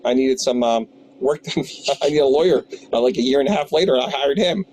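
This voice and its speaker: A man's voice: medium pitch, fairly quick, darkish tone, a little hiss or hum, low-quality recording. A man in his fifties who owns a tabletop game shop, telling rambling anecdotes with many restarts in an interview. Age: 50s. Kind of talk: storytelling interview.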